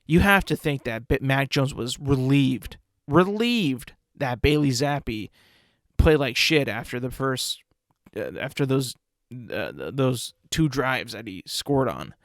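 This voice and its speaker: A man's voice: mid-range voice, expressive, a little slow, no echo, studio quality. A young man hosting a solo podcast, ranting in exasperation with plenty of swearing. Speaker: podcast host.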